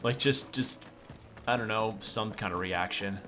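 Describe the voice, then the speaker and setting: A man's voice: fairly low pitch, measured pace, sharp tone, slight background noise. A man streaming a video game, commenting casually with sarcastic jokes and rambling asides.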